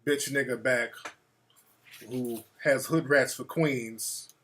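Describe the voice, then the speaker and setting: A man's voice: medium pitch, fairly even intonation, takes it slowly, fairly bright tone, breathy edge. A man hosting a call-in show, blunt and mocking in profane banter. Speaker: radio show host.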